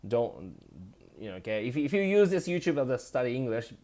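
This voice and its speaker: A man from Japan with a Japanese accent touched by Australian English, a native Japanese speaker, hosting a casual live stream where he reads viewer comments aloud and answers in a loose, halting, chatty way. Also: medium pitch, sing-song, darkish tone. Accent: Japanese with some Australian.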